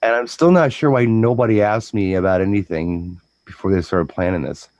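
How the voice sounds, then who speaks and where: On a dry, dull-sounding recording, a man with a fairly low and slightly mellow voice chats loosely. He's a DJ and a rambling storyteller who repeats words and slips into brief impressions.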